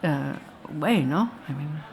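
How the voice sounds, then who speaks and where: A woman's voice: sits low, expressive, slow, a little mellow. A woman filmmaker speaking to an audience after a screening, rambling and anecdotal with restarts and asides. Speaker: filmmaker talking about her film. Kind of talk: live post-screening talk to an audience. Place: festival talk before an audience.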